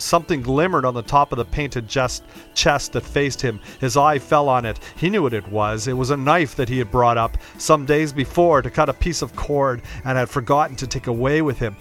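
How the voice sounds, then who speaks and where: A man reading a classic novel aloud as narrator, in a steady, measured, dramatic way. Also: mid-range voice. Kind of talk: audiobook reading of classic fiction.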